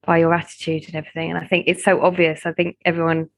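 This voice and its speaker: A woman hosts a podcast in easy, casual chat. She speaks with effusive praise for her guest. Her voice sits a little low for a woman. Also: little pitch movement, fast talker. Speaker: podcast host.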